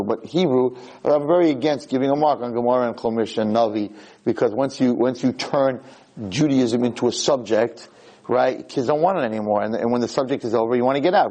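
A middle-aged man teaching a Torah class, an animated storyteller whose voice leaps high when acting out the quotes, talking quickly and often repeating and restarting words. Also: low-quality recording. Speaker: rabbi lecturer. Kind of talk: Torah class to a live room.

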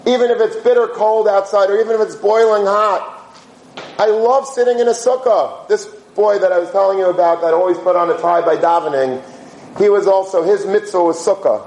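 A man giving an animated sermon-style talk to students, telling stories, asking rhetorical questions and mixing in Yiddish and Hebrew words. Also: sits high, fairly quick. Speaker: yeshiva teacher giving a talk. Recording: roomy echo, faint background hum.

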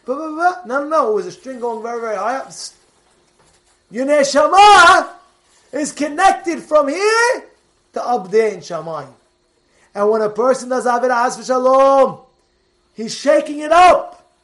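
A male rabbi preaches a sermon with a very high-pitched voice. He is animated and repeats himself for emphasis, and now and then his voice swells into a shout. The delivery feels like an informal talk to a congregation. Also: a little slow, pauses often. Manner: animated, repetitive, bursts into shouting.

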